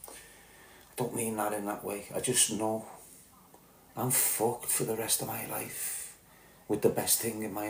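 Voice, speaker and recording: Liverpool man, 30s, blunt profane podcast monologue, roomy echo. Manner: blunt and profane, swings between loud outbursts and low muttering. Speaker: podcast host. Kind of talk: candid monologue.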